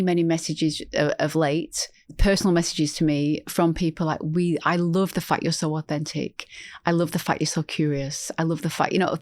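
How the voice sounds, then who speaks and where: A woman's voice: low voice, no echo. A middle-aged woman and healthcare executive, talking earnestly as a podcast guest, often restarting her sentences. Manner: earnest and heartfelt, frequent restarts. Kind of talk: conversational podcast interview.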